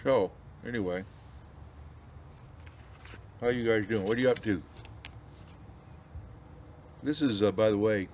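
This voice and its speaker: Folksy rambling American pastor, lowish voice. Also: male voice, slow pace, pauses often, darkish tone. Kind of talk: casual pipe-smoking video chat. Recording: slightly dull audio with faint background noise.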